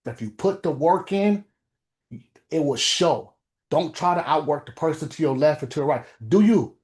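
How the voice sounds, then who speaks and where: A man's voice: on the high side, lively intonation, normal speed, a little mellow. A man who coaches veterans gives a fervent motivational talk. He speaks in a preachy, urgent way, repeats phrases for effect and builds to emphatic peaks.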